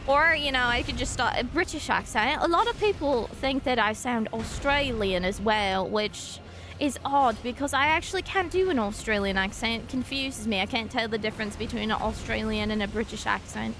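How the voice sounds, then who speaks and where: Brief: young woman streamer from Montana, rambling chat full of fillers, slightly high and bright. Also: normal speed, soft background music. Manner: rambling, filler-heavy, chatty with viewers. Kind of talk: casual gaming stream chat.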